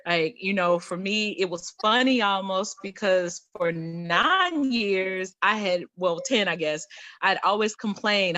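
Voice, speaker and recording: A woman's voice: mid-range voice, moderate pace, bright, forceful tone, dry recording. A woman speaking as a guest in a casual panel discussion, telling personal stories in a chatty way.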